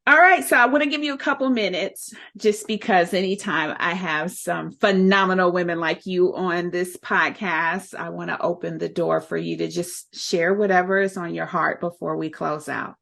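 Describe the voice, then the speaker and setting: A woman's voice: on the low side, fairly even intonation, moderate pace, vocal fry, hardly any pauses. A woman hosting a podcast interview, affirming her guest and asking closing questions. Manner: warm, affirming, encouraging. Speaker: podcast host.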